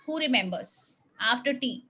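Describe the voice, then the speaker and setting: A woman's voice: on the high side, expressive, normal speed, pushed and bright, slightly rough, low-quality recording. A woman teacher, leading young children through a spelling lesson in a patient, coaxing way. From India. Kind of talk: classroom phonics lesson with children.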